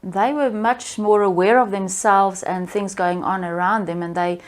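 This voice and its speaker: A woman therapist who works with children, speaking in a measured, reflective way during an interview discussion. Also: mid-range voice, fairly even intonation. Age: adult parent. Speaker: therapist for children with concentration issues.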